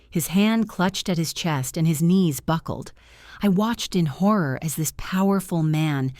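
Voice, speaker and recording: Measured, low-voiced woman storyteller. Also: a little mellow, no room sound, clean studio sound. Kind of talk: scripted first-person story narration.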